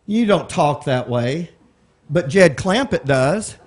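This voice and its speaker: A man's voice: on the high side, animated, slow pace. A man with a Texan accent teaching a Bible study, breaking words down and asking the room questions in a conversational way. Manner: conversational, explains word by word, asks the room questions.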